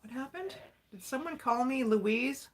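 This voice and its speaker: A woman with a somewhat high voice chats through a livestream at her craft table. She talks in an unhurried way, dropping folksy exclamations and laughing often between sentences. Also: animated, heavy background noise. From Alberta, Canada. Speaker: livestream host. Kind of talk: casual chat while crafting.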